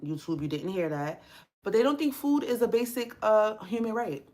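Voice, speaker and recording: A woman's voice: medium pitch, animated, moderate pace, mellow. A young woman hosting a casual livestream, ranting bluntly with frequent swearing and strong opinions. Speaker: livestream host. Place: home workspace.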